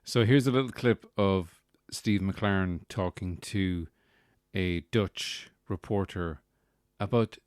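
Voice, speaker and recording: A man's voice: deep voice, takes it slowly, clean tone, no echo, clean studio sound. A man hosting a comedic solo podcast, rambling and sardonic with lots of fillers. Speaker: podcast host.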